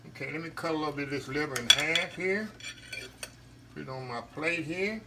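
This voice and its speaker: A man's voice: on the high side, fairly quick, heavy background noise. A man, hosting a casual cooking vlog, chatting to viewers as he tastes his food and hums between bites. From Southern US countryside. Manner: chatty, addresses viewers as y'all, hums while chewing. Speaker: cooking channel host. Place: home kitchen. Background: faint clatter of dishes and cutlery.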